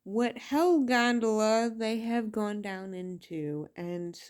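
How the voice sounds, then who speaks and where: A woman's voice: mid-range voice, takes it slowly, a little mellow, clear, resonant tone. A woman reviewing a show in a casual vlog rant, exasperated, blunt and full of profanity. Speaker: video reviewer.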